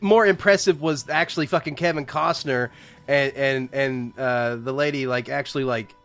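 A man's voice: mid-range voice, steady tone, normal speed, a bit bright, no echo, faint music behind. A man co-hosting a casual movie podcast, nitpicking scenes with lots of swearing and laughter. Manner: nitpicky, profane, laughs often. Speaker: podcast co-host reviewing a movie. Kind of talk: casual chat.

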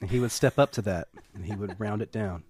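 A man co-hosting a casual film chat, enthusiastic and quick to stumble over his words. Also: on the low side, husky, no echo. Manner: enthusiastic, animated, stumbles and restarts. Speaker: podcast co-host.

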